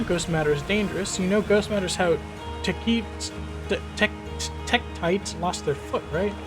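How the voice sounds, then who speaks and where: A man voicing an excitable young alien kid from a village, in a squeaky put-on voice with an odd accent. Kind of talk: reading game dialogue aloud.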